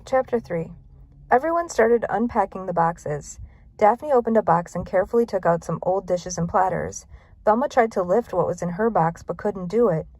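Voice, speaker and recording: A woman's voice: medium pitch, animated, moderate pace, a little mellow, slightly rough, no echo. Woman reading a children's storybook. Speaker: narrator. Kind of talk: storybook read-aloud.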